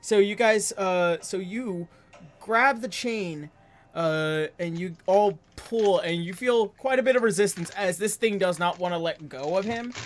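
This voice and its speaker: A man's voice: high-pitched, measured pace. A man acting as game master, narrating a tabletop game with lots of fillers and restarts. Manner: rambling, many fillers.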